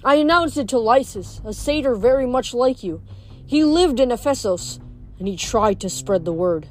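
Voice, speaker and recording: A woman voicing an ancient, fading male nature god, speaking softly and sorrowfully. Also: fairly high pitch, lively intonation, natural voice. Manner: soft, slow, sorrowful delivery.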